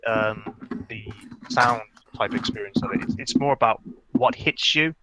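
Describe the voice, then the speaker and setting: A man's voice: medium pitch, moderate pace, a crowd in the background. A man co-hosting a podcast, chatting casually about a game with lots of fillers and restarts while chewing gum. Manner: rambling, many fillers and restarts. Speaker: podcast co-host. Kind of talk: casual gaming chat.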